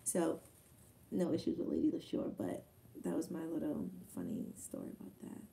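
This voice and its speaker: A woman's voice: low voice, sing-song, moderate pace, gravelly, dark tone, far from the mic, a little hiss or hum. A young woman, a battle rapper telling stories in a loose, profane, casual way. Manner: loose, profane storytelling with quoted asides. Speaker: battle rapper answering fan questions. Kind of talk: casual Q&A chat.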